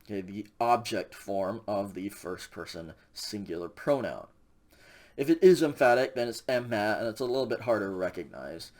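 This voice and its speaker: A man teaching a recorded lesson, explaining slowly and checking in with frequent "okay" and "um" as he goes. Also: on the low side. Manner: relaxed explaining, many ums and okays. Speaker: Greek instructor. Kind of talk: recorded classroom lecture.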